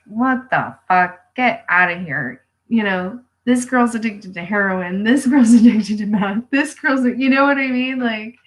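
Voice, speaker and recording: A woman streaming a live video from home, recorded on a phone or webcam. She talks at a middling pitch with blunt, swear-filled candor and lively emphasis. She tells her stories casually and stops to urge her viewers on. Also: poor audio. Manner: blunt, profane and animated, laughing often; emphatic pep-talk delivery. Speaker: vlogger.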